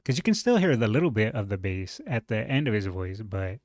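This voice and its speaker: A man with a moderately deep voice reacting to a video in a relaxed, chatty way, thinking aloud with fillers. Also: fairly quick, soft background music. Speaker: reaction streamer. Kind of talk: casual reaction commentary.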